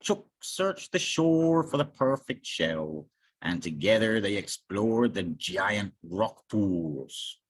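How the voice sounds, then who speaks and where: A storybook reader telling a picture book aloud very slowly, with voiced sound effects. The voice is husky and its pitch swoops widely across each phrase. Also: no echo. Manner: slow, expressive, with sound effects.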